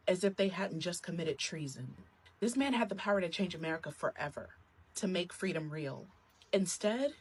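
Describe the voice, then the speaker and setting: A woman's voice: on the low side, slightly rough, poor audio. A woman giving a sarcastic, punchy scripted narration.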